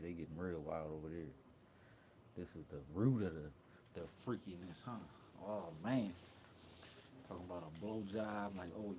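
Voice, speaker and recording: A young man with a low, deep voice rants bluntly on a livestream, profane and rambling. He wanders from thought to thought. A faint hiss of background noise sits under the voice. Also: mellow. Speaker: livestream host. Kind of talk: casual livestream rant.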